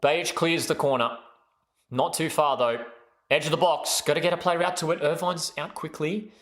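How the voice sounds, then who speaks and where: A young man hosting a live football watchalong, calling the play casually and breaking into excited high cheers. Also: normal speed. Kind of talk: excited live match commentary to chat viewers. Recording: echoey room.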